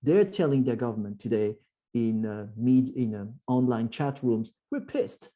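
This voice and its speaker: A man's voice: medium pitch, normal speed. A man with a French accent giving a presentation to a club, often restarting and acting out quoted voices. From France. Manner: frequent fillers and restarts, animated quoted voices. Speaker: guest speaker.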